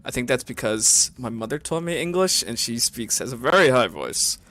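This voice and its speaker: A man's voice: mid-range voice, expressive, normal speed, a bit bright, faint music behind. A young man hosting a casual podcast, jokey and laughing often. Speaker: podcast host.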